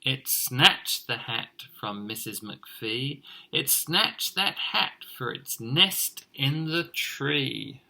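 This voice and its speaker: A male teacher reading a picture book aloud to children, expressive and encouraging as he points things out. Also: medium pitch, drawn-out words, creaky, few pauses.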